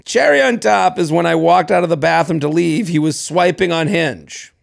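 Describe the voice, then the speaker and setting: A man's voice: fairly high pitch, moderate pace, gravelly. A man co-hosting a podcast, reading a listener's story aloud in casual chat, playful and laughing often. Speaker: podcast co-host.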